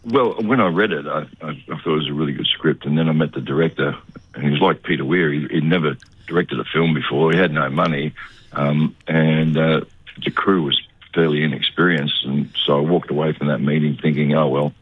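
An older Australian man, an actor, telling stories in a relaxed, chatty radio interview over a muffled line. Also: extremely low pitch, fairly quick, husky, no echo. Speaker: actor guest.

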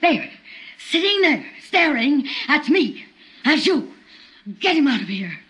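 A frantic wife near hysteria, 1940s radio drama, shrill and lively. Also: female voice, unhurried, full character voice. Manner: frantic, pleading.

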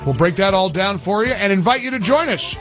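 A man's voice: sits high, animated, fairly quick, fairly bright tone, soft background music. A man hosting a talk radio show from a studio, speaking in a heated, emphatic way with his voice jumping up on key words. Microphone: studio mic.

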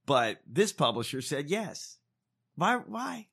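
A man co-hosting a podcast in casual chat, animated and profane. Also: high voice, measured pace. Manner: animated, profane, laughs often. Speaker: podcast co-host.

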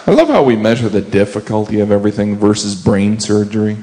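A man's voice: lowish voice, lively intonation, fast, mellow. A man doing observational stand-up in a wry tone, slipping into silly voices. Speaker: stand-up comedian. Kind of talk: stand-up routine. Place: comedy stage before a live audience. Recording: live show with crowd and noise.

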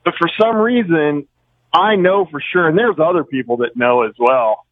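A man's voice: on the high side, moderate pace. A male radio caller from Oregon, rambling and hesitant as he repeats himself. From Oregon, USA. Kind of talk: phone-in conversation. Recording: tinny dry phone line.

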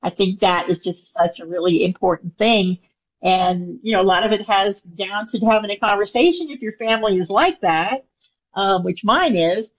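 A woman's voice: medium pitch, normal speed, husky. A woman answering questions as a guest in an interview, speaking in an earnest, chatty way with many fillers. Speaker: guest medium. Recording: dull lo-fi sound.

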